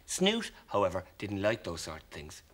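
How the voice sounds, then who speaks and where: An Irish man with a low voice tells a children's story with plenty of swing in his pitch. He presents it in an animated, expressive way, as a children's TV presenter. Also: moderate pace.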